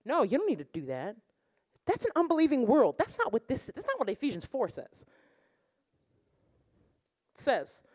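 A woman worship pastor preaching a lively sermon, laughing and breaking into song now and then. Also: fairly high pitch, no echo. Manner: animated preaching, bursts of laughter, sings lines. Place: church or conference room.

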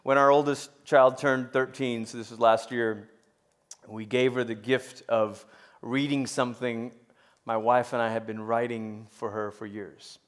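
Man, middle-aged pastor, sermon, loud peaks then hushed, stammering restarts. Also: medium pitch, flat delivery, a little slow. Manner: swings from loud emphatic peaks to soft hushed storytelling.

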